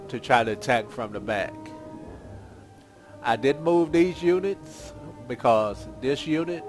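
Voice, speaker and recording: Man rambling over strategy gameplay. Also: medium pitch. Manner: rambling, thinking aloud, relaxed. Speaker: gaming channel host. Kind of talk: casual gameplay commentary. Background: game music.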